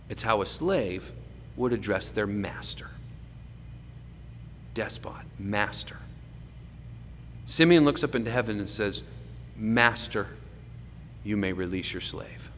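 A man preaching a sermon, swinging between loud emphasis and hushed asides. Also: medium pitch. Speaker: pastor. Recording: echoey hall with faint background noise.

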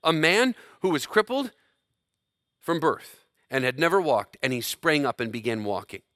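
A man preaching with a bright, forceful voice that sits a little high for a man. His delivery swings from loud, emphatic bursts to hushed, slowed lines. The sound is dry and close, with no room echo. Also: expressive. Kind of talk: sermon.

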